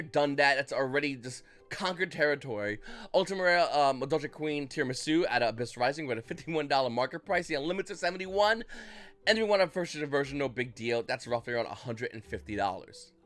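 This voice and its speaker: Male host, casual market commentary, lively pitch, rambling and playful. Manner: animated, acts out buyers' reactions in mock voices; loose, rambling delivery with restarts. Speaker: trading card market commentator.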